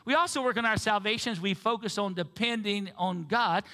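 A man's voice: sits high, fairly quick, sharp tone. A male pastor preaching a sermon and getting the congregation to repeat phrases back. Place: church sanctuary. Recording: reverberant church sanctuary.

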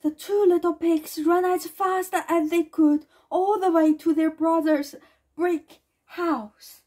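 Woman, storybook read-aloud, gentle, slow, high voice, small slips. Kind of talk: reading a children's storybook aloud.

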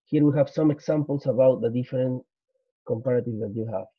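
On a dull, lo-fi recording with no room sound, a man teaches English grammar from slides, going over each point again and again and dropping into Spanish for explanations. He talks fairly quickly in a husky, medium-pitched voice.

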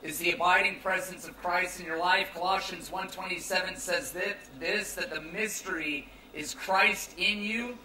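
A man's voice: high voice, fairly even intonation, normal speed, few pauses, bright, forceful tone, reverberant, recorded from a distance, a little hiss or hum, rough recording. A young American man preaching a youth sermon in a casual, joking, conversational way. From United States. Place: large tent at a campground.

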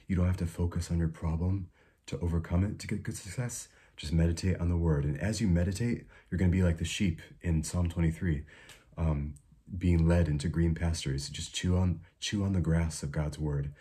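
A young man giving an informal devotional talk, soft-spoken and unhurried, with many fillers and restarts. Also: low-pitched, slightly rough. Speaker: preacher.

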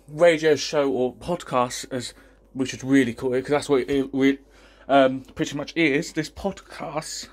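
A man, out of breath and excited, rambling through a casual vlog announcement as a YouTuber. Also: medium pitch. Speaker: YouTuber and podcast host.

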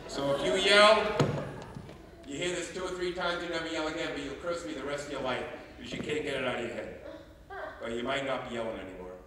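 A man giving a humorous storytelling talk as a youth care trainer, animated and jokey. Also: medium pitch, quick pace, background noise. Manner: animated, jokey, breaks into singing. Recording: echoey hall, mic from far off.

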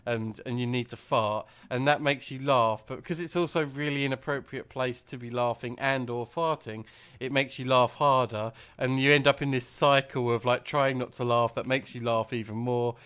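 A man's voice: medium pitch, fairly even intonation, normal speed, a bit bright, clear, resonant tone. Man telling a rambling gaming story. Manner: rambling storyteller, laughs easily. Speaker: let's play host. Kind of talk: casual gameplay chat.

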